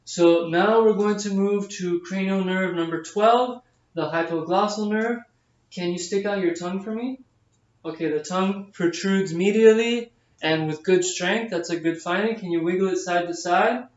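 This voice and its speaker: A man in nursing school talks through a physical exam from head to toe, narrating every step with frequent fillers. His voice is high-pitched at a normal speed, recorded as echoey, distant, dull camera sound.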